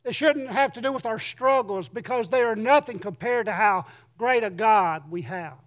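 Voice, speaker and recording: A middle-aged pastor, high-pitched and a bit bright, preaches an earnest sermon, reading scripture slowly and with emphasis.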